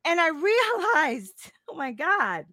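A woman in her fifties speaks as a coach to her live-stream viewers, her voice high and bright. She is emphatic, says key phrases twice and tags many points with "right?". The sound is dry and close, with almost no room. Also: sing-song, slow, no echo. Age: 50s. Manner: emphatic, repeats phrases, keeps asking "right?". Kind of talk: casual motivational live-stream talk.

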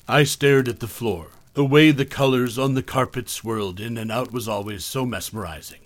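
Man, podcast horror narrator, calm even delivery, mid pitch, dry close sound. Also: moderate pace, hardly any pauses, no room sound. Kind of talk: first-person horror story narration.

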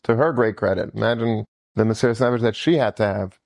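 A man's voice: fairly low pitch, fast talker, gravelly, no room sound. Enthusiastic male storyteller, dry sound. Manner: animated, repetitive, enthusiastic retelling. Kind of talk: animated storytelling talk.

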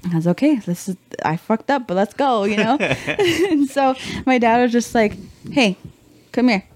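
A woman's voice: on the high side, normal speed, no echo. A young woman, a podcast guest, telling a story in casual chat, acting out quotes with swearing and slang. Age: young adult. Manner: animated, acts out quotes, swears freely, slangy.

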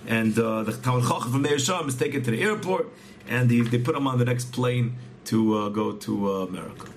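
In a mid-range voice and at a fairly quick pace, a man earnestly teaches a religious story, often repeating words and going back to restart phrases. Slight background noise is present.

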